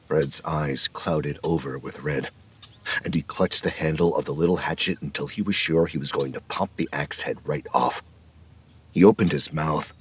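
A man narrating an audiobook in a measured, wry storytelling manner. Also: low-pitched, breathy edge. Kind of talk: scripted narration.

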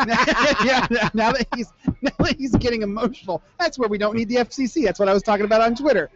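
A man's voice: extremely high pitch, brisk, a bit bright, dry recording. A man hosting a casual podcast, upbeat and teasing, laughing often as he asks questions. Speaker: podcast host. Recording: dull lo-fi podcast audio.

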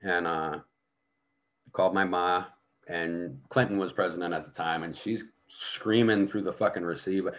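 A man's voice: low-pitched, steady tone, normal speed. A middle-aged American man telling blunt, profanity-laden stories as a podcast guest. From United States. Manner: heavy swearing, blunt, vivid storytelling. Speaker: podcast guest, veteran actor. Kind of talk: casual storytelling conversation.

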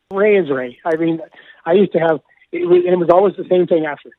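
A man, a hockey broadcaster, telling stories in an animated way, laughing often and repeating himself as he goes. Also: high-pitched, brisk, no room sound. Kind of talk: animated storytelling. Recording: tinny phone-like line, dry.

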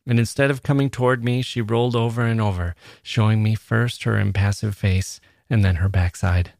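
A man, a podcast host, giving a measured and expressive first-person reading of a literary short story. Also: on the low side, gravelly, no room sound, clean studio sound.

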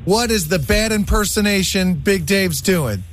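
A male radio co-host with a high, animated voice, chiming in with playful and encouraging quips. A faint music bed sits under his studio mic. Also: unhurried. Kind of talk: casual radio banter. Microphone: studio microphone.

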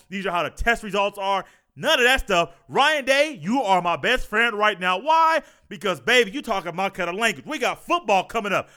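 High-voiced, animated male podcast host. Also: clear, resonant tone. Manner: fast, animated, goofy.

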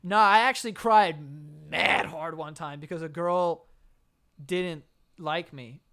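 A man's voice: a little high, slow, pushed and bright, clear, resonant tone. A young man co-hosting a podcast, telling rambling personal stories in casual chat, with lots of restarts and swearing. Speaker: podcast co-host.

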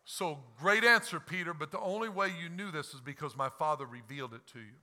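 A man preaching a fervent sermon as pastor, swinging between loud outbursts and hushed asides, acting out quoted lines with bursts of laughter. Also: fairly high pitch, a little fast.

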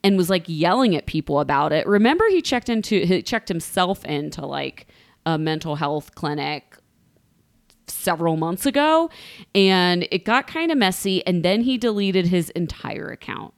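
Woman, Ohio-raised podcast co-host; gossipy, expressive delivery with wide pitch swings. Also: moderate pace. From Columbus, Ohio, USA. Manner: chatty and gossipy, laughing often. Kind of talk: casual reality-TV recap chat.

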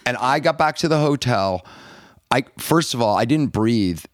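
A man in his thirties, a father and podcast co-host, quickly retelling a frightening day and cutting in with corrections. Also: expressive, no room sound, clean studio sound. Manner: quick, interrupting, drops low when shaken. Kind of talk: casual storytelling.

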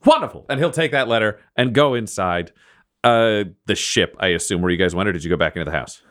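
A man's voice: low voice, brisk, a bit bright, smooth. A man playing a tabletop game, describing his character's actions in casual talk. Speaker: player.

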